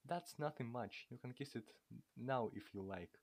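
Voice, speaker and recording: A man's voice: normal speed, darkish tone, natural voice. A man reading aloud and voicing a coquettish young woman with a teasing, affected manner. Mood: coy. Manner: teasing, affected, slightly higher voice.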